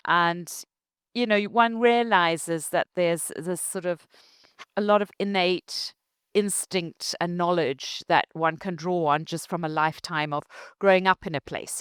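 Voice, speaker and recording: In a dry-recorded interview, a middle-aged Zimbabwean founder shares her company's story with lively energy and lots of laughter. Her Zimbabwean-accented voice is fairly low in pitch, clear and resonant.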